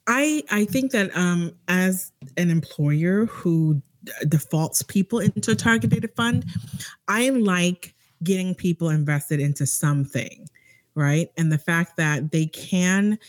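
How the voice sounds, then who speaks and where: A woman co-hosting a podcast who speaks as an employer, thinking aloud with pauses and restarts. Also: low voice, darkish tone, no echo. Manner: thoughtful, hesitant, many fillers and restarts. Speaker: co-host, employer. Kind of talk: casual chat.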